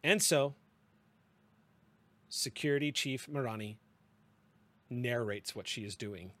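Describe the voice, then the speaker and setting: A man, as game master, narrating a tabletop roleplaying game in a descriptive, unhurried way. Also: mid-range voice, pushed and bright.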